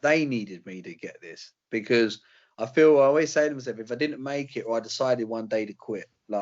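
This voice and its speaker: A young British man, a UFC fighter appearing as a guest, chats casually in an interview, rambling with slang and fillers. His voice is lowish and a little mellow at a normal speed, with the highs cut off.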